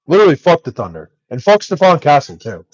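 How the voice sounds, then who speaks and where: A man's voice: on the high side, very animated, fast, darkish tone, breathy edge, dry recording, highs cut off. A young man angrily ranting on a live stream, swearing nonstop and exasperated. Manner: angry, profane ranting.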